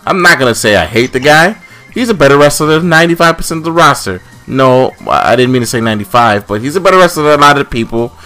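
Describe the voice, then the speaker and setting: A man's voice: medium pitch, animated, fast, pushed and bright, faint music behind. A man ranting angrily on a casual podcast, swearing often as he complains. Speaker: podcast co-host.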